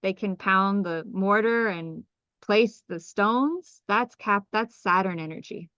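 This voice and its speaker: A woman giving an astrology lesson on a live group call, enthusiastic and animated, often asking her listeners questions. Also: mid-range voice, slow, clear, resonant tone, no echo, dull audio. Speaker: astrology teacher.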